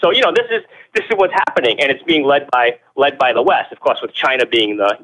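Fast-talking, emphatic man guest. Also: mid-range voice, a bit bright, rough recording. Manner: fast, emphatic, repeats words, rhetorical questions. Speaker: interview guest. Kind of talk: animated opinionated explanation. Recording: radio-show audio.

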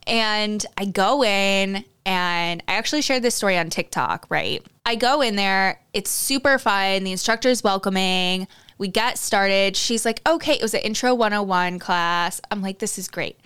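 A woman tells a personal story on her solo podcast in a candid, chatty way. She fills her sentences with "like", swears without a second thought and speaks directly to her listeners. Her voice is smooth and clear at a middle pitch. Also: normal speed, fairly bright tone. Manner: chatty, candid, swears freely, many "like" fillers; confiding, addresses listeners directly. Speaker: podcast host.

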